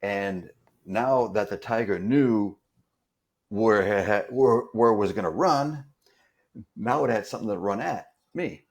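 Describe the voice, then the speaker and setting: A man, a stunt performer appearing as a guest, tells a story in a casual way, often pausing and repeating words as he goes. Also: lowish voice. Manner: halting, repeats words while recounting. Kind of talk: casual anecdote telling.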